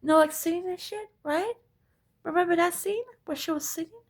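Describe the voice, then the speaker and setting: A woman's voice: very high-pitched, moderate pace. A woman ranting to camera, profane and emphatic, repeating her points and asking "right?" again and again. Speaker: spiritual vlogger.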